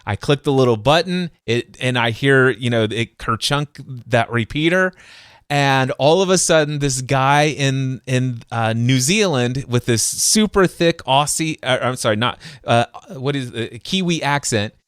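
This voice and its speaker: Smooth-voiced, animated male podcast host. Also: medium pitch, a little slow, no room sound, studio quality. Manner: animated, acts out sounds and voices in anecdotes; frequent restarts and stumbles. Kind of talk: excited conversational storytelling.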